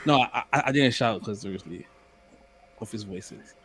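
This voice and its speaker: A young man co-hosting a podcast, chatting casually and telling stories in an animated, stammering way. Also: on the low side, moderate pace, a little hiss or hum. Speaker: podcast co-host. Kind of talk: casual chat.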